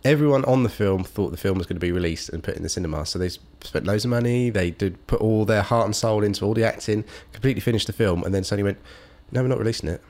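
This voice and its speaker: A British man co-hosts a casual film podcast, his voice sitting a little on the low side. He talks in an animated, exasperated way, ranting about bad movies. He sounds to be in his thirties. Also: quick pace, hardly any pauses. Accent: British English. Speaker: podcast co-host.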